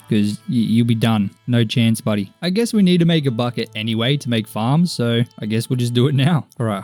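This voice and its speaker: A man's voice: medium pitch, warm tone. A young man giving chatty let's play commentary, talking to the game characters and joking at his own expense. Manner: chatty, talks to game characters, mild self-mockery. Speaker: gaming YouTuber.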